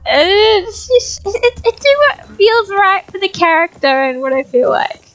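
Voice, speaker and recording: A woman live-streaming a video game, chatting casually in a soft-spoken way and cooing fondly at her dogs. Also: extremely high pitch, animated, a little slow, highs cut off.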